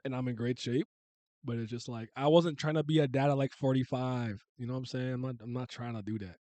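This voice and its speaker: A man's voice: mid-range voice, steady tone, brisk, dark tone, dry recording. A man in his thirties, from Canada, chatting casually and rambling with viewers as a streamer. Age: 30s. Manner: rambling, restarts and laughs, uses slang.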